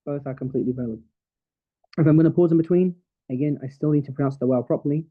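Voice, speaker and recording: A man's voice: a little high, fast talker. Tinny-sounding man teaching recitation. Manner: patient, explains step by step, recites verses in Arabic. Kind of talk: online tajweed class. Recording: tinny phone-like call audio.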